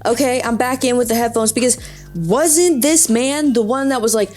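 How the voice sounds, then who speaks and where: A woman's voice: fairly high pitch, normal speed, darkish tone, soft background music. A young woman hosting a podcast, reading out online stories and reacting with sarcasm, swearing and laughter. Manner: sarcastic, exasperated, swears often, laughs a lot. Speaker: podcast host.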